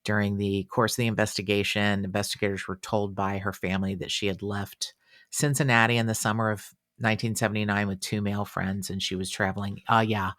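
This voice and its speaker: A man hosting a casual true-crime podcast, chatty and animated, with fillers and exclamations. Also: lowish voice, no room sound, studio quality. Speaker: podcast host.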